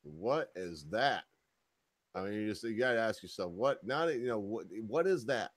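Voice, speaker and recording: A man's voice: fairly low pitch, expressive, moderate pace, no room sound. Profane, mocking man on a dry mic. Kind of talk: casual crude banter.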